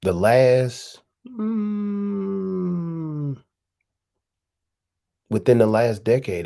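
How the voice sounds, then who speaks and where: Slow, preachy man talking to the camera. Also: medium pitch, expressive, gravelly, mellow. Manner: profane, preachy slang with rhetorical questions. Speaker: host. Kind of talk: casual monologue.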